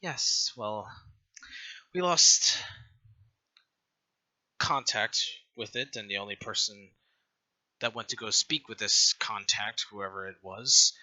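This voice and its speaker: A man voicing a woman rebel whose voice is muffled by a scarf over her mouth, speaking quietly and gravely. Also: lowish voice, slow pace, pauses often, full character voice.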